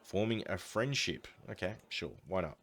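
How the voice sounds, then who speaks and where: A man's voice: sits low, animated, normal speed, fairly bright tone. A man giving casual, upbeat commentary as he plays a strategy game and thinks aloud. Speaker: let's play host.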